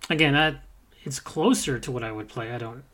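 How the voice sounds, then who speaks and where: A man's voice: mid-range voice, fairly quick, a bit bright. Blunt, profane man, wry podcast host. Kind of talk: casual podcast chat.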